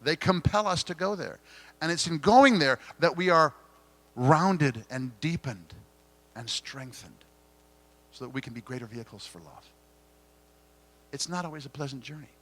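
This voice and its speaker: A man's voice: fairly high pitch, no room sound. Earnest man giving an inspirational keynote. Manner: earnest, gently confessional, dramatic pauses. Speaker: keynote speaker. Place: conference hall stage.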